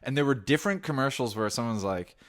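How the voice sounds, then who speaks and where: A man hosts a laid-back podcast in a medium voice. He tells long, animated stories and often stops and restarts mid-sentence. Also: mid-range voice, fast talker. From New Jersey. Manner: rambling, animated storytelling with many restarts. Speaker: podcast host. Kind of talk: casual chat.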